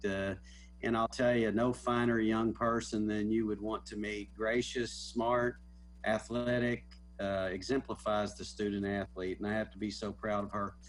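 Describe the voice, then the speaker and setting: A man, a school principal, speaking earnestly with frequent filler pauses. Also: lowish voice. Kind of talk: casual remarks on a video call.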